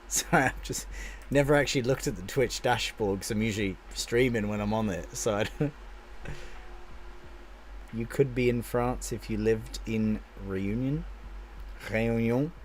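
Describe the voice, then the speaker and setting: A man's voice: mid-range voice, a little slow, long pauses, a little hiss or hum. A man live-streaming a game, chatting casually with his viewers and answering their comments aloud, often restarting his sentences.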